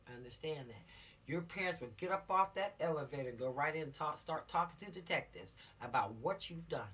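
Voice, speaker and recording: Woman cop lecturer, bright, punchy, dramatic teller, slightly distant recording. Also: deep voice, a little fast. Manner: dramatic, animated storytelling with rhetorical questions. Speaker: police officer teaching teens. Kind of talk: law lesson for teenagers.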